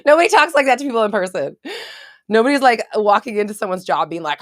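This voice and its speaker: A young woman who works as a manifestation coach, chatting casually on a livestream and reading viewer comments, candid and quick to laugh and swear. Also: medium pitch, sing-song, no echo, clean studio sound. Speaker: manifestation coach and online creator.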